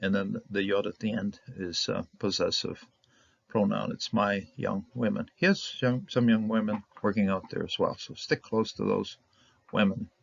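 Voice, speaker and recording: Low gravelly man teaching Hebrew. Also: fairly even intonation, normal speed, no echo. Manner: rambling, repeats Hebrew words, chuckles often. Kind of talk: casual Bible language lesson. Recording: dull lo-fi recording.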